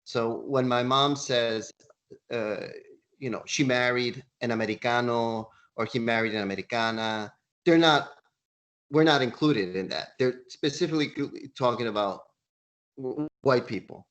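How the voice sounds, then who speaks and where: Man telling a story over a video call. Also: unhurried. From East Coast of the United States. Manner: animated storyteller, rises in pitch when quoting others. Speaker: panel speaker. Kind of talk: personal storytelling.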